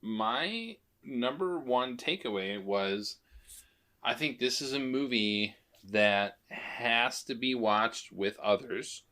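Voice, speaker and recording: A man in his thirties co-hosting a podcast, giving opinionated, animated takes on a movie in casual chat. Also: mid-range voice, slow. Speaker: podcast co-host.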